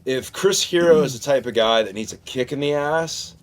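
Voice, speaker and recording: A man's voice: medium pitch, animated, moderate pace. A middle-aged man, a wrestler being interviewed, telling stories in a casual, laid-back way and swearing often.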